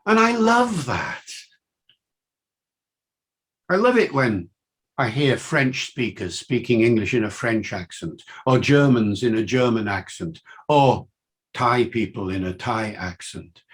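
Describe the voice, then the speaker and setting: A man's voice: slow, breathy edge. An older man with a mixed Welsh and Liverpool accent, giving a university lecture with enthusiastic, swinging emphasis. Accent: Welsh and Liverpool mix. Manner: enthusiastic, lively pitch swings.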